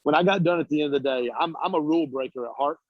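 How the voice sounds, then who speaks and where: A man talks on a video call in an energetic, preachy way, telling stories casually and bluntly. His voice sits a bit high and husky. The sound is dry and dull, typical of call audio. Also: racing, dry recording. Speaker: guest speaker, business coach. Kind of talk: motivational talk on a video call.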